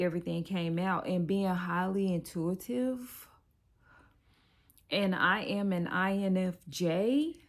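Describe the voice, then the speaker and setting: A woman's voice: fairly low pitch, vocal fry. A middle-aged woman, a life coach, giving an encouraging, conversational tarot reading that turns slightly preachy. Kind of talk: direct-to-camera tarot reading.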